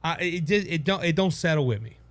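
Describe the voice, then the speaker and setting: A man's voice: fairly high pitch, animated, a little fast, no room sound. A man with a Cajun accent hosting a casual political talk show, rambling and emphatic, with frequent restarts. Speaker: podcast host.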